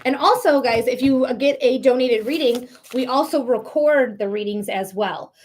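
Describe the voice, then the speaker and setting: A woman's voice: high-pitched, moderate pace, a little mellow, a little hiss or hum. Chatty encouraging woman reading tarot live. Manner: encouraging, chatty, addresses viewers by name. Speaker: psychic reader.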